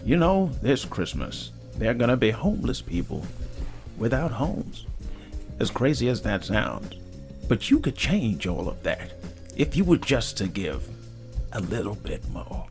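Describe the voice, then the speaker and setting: A man putting on the slow, solemn voice of a famous older actor making a charity appeal. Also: medium pitch, huge pitch swings, creaky, darkish tone, soft background music, exaggerated voice.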